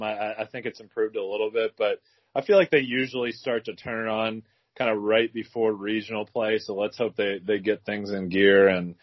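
A man in his thirties co-hosting a podcast, speaking in a hesitant, halting way. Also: lowish voice, no echo, lo-fi sound. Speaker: podcast co-host. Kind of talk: casual chat.

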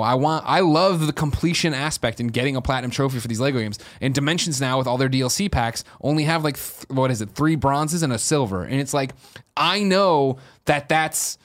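A man co-hosting a gaming podcast in casual, rambling chat, swearing freely. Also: a little high. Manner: rambling, profane, animated. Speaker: podcast co-host.

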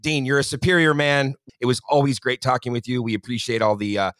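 A man's voice: mid-range voice, steady tone, fast, a bit bright, clean tone, dry recording. A man co-hosting a sports podcast, wrapping up an interview with friendly, joking banter. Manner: friendly wrap-up patter, joking. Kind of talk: casual podcast chat.

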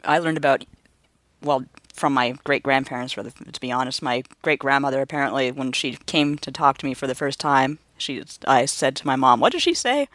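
A woman's voice: a bass voice, fairly even intonation, brisk, fairly bright tone, no echo. Chatty Canadian woman co-hosting a podcast. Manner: chatty, laughs easily. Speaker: podcast co-host. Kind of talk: casual podcast chat.

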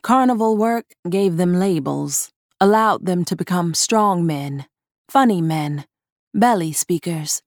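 Slow, low-voiced woman narrating horror. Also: expressive, dry recording, studio quality. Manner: measured, deliberate reading. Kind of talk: scripted horror story narration.

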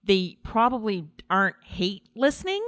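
A woman's voice: mid-range voice, very animated, moderate pace, fairly bright tone, no room sound, studio quality. A woman, a beauty podcast co-host, talking candidly in casual conversation.

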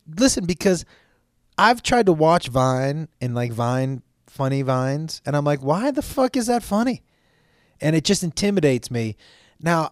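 A man's voice: a little high, clear, resonant tone, dry recording, studio quality. A man hosting his own podcast in casual solo chat, rambling and jokey, swearing freely, with stammered restarts. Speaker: podcast host.

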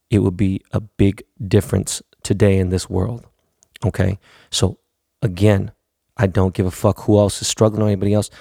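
A gravelly, low-voiced man in his thirties talks straight into a dry, close microphone. He hosts his own podcast and rambles bluntly, swearing freely as he makes his points. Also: warm tone, no room sound. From United States, West Coast. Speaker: podcast host. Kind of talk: casual monologue.

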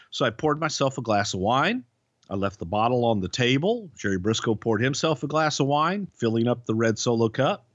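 A man tells long, rambling road stories, swearing freely and restarting his sentences. His voice sits at a middle pitch. The lo-fi recording sounds dull and dry. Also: fairly bright tone, no echo. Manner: profane, rambling anecdotes with restarts. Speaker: podcast co-host, former wrestling writer. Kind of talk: casual storytelling. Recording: dull, lo-fi podcast audio.

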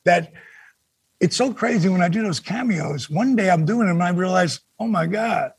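An older man, a former wrestler, telling stories as a guest on a casual podcast. He is animated and swears freely. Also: high-pitched, moderate pace, slightly rough, dry recording. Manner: animated, swears freely, acts out quoted dialogue.

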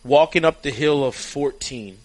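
A man chatting casually, telling a lively story and acting out the voices of the people in it. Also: a little high, moderate pace. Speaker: caddie.

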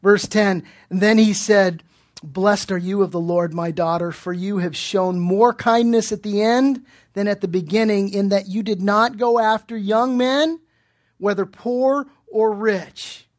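This man's voice is high-pitched and his pace measured as he preaches to his congregation. Earnest and direct, the pastor asks pointed questions and keeps restarting his sentences, repeating phrases while he hunts for the right words.

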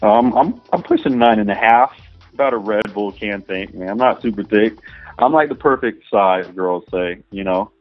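A man talking casually in an interview, rambling and crude, filling every pause with "you know" and "man". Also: lowish voice, no room sound, lo-fi sound, soft background music. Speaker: adult film performer guest.

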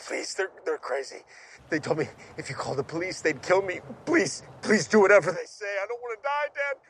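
A man's voice: high voice, lively intonation, brisk, fairly bright tone, slight background noise. An actor playing a frightened young man held hostage, pleading with his father. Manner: pleading, panicked.

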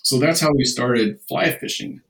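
A man's voice: mid-range voice, normal speed, fairly bright tone, poor audio. Rambling male storyteller. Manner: rambling anecdotes with many restarts and acted-out quotes. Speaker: guest. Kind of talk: casual storytelling.

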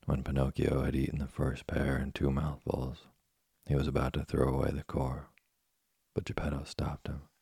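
A man narrating a classic tale as a bedtime story, in a steady, soothing manner. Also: extremely low pitch, normal speed, no echo, studio quality. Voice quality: gravelly, husky. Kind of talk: slow bedtime story reading.

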